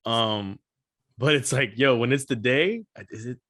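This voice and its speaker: A man co-hosting a casual podcast, telling animated stories with frequent laughs and casual swearing. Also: medium pitch, measured pace. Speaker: podcast co-host. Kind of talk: casual chat.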